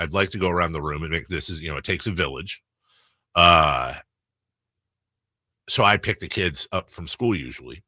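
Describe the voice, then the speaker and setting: With a bass voice, a man runs a sports talk radio show, chatting casually on air in an animated, rambling way and breaking into his own sentences. The studio-quality recording from his studio microphone has no room sound.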